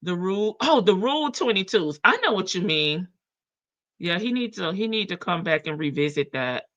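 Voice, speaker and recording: A woman's voice: fairly low pitch, animated, moderate pace, fairly bright tone. A woman hosting a casual live stream, chatting and laughing with her viewers in as she reads updates. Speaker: livestream host. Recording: dull lo-fi stream audio.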